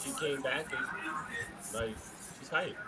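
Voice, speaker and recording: A man co-hosting a casual wrestling watch-along, excitable and joking, giving shout-outs. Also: medium pitch, a little slow, very noisy. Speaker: podcast co-host.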